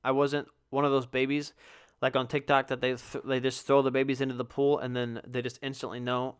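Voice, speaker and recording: A man's voice: mid-range voice, little pitch movement, a little fast, smooth. A young man hosting a podcast, telling a rambling, profane, self-mocking story about being bad at sports in a casual solo chat. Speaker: podcast host.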